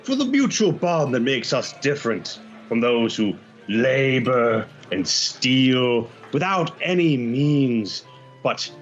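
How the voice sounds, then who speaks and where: A man's voice: mid-range voice, very animated, slow pace, soft background music. A man voicing a swaggering male pirate who gives grand, theatrical speeches in a tabletop game, on slightly dull audio. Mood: rousing.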